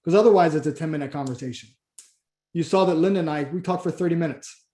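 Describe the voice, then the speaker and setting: Casual coaching man, mellow and echoey. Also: on the high side, fast talker. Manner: casual, rambling, acts out client dialogue with many restarts. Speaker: Christian business coach. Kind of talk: coaching training session.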